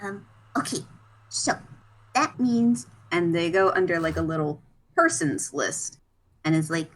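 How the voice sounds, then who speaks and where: A woman narrating her character's actions in a casual tabletop role-play. She talks slowly, with hesitant restarts and frequent giggles. Her voice has a slightly breathy, husky texture. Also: lowish voice, animated, poor audio. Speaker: tabletop game player.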